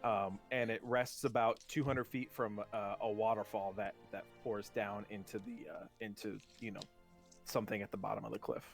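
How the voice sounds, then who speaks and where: A man running a tabletop game as dungeon master, narrating casually with many pauses and restarts. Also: fairly low pitch, level tone, vocal fry, faint music behind. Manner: loose, halting narration with many ums and restarts.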